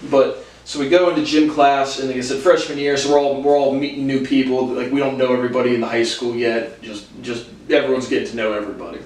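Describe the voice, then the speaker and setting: A man's voice: medium pitch, fairly even intonation, a little fast, darkish tone. A young man telling casual stories with lots of laughs, restarts and fillers. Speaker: podcast host. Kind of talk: casual storytelling. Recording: roomy, distant from the mic.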